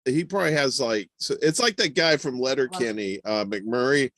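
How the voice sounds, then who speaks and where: A man guesting on a casual chat, jokey and laughing, quick to riff on the others. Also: medium pitch, a bit bright, dry recording, clean studio sound.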